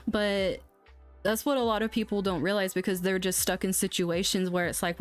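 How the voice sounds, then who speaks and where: A woman's voice: mid-range voice, fairly even intonation, normal speed, soft background music. A young woman hosting an astrology livestream, chatting bluntly and casually, swearing now and then. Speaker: astrology channel host.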